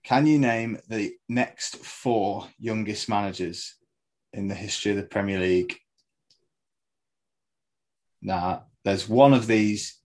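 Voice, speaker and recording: A man's voice: fairly low pitch, slow pace, long pauses, darkish tone, rough recording. A man co-hosting a casual football podcast, setting trivia questions with frequent laughs. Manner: quizzing with trivia, laughing often. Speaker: podcast co-host.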